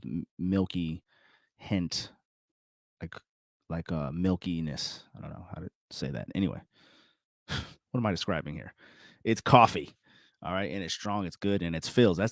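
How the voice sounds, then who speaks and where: A middle-aged man with a very low voice chats on his own to his viewers, wandering from thought to thought. He backtracks and corrects himself, chuckling as he goes. The sound is dry and close, with no room echo. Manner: rambling, self-correcting, chuckles often. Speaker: vlogger. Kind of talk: casual solo self-reflection talk.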